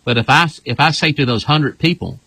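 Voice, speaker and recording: A male pastor with a bright, forceful voice that has a husky edge. He explains things in an emphatic, repetitive way, and the sound is close and dry. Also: on the high side, animated, fairly quick, no room sound, rough recording. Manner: emphatic, repeats "this here". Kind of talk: casual teaching talk.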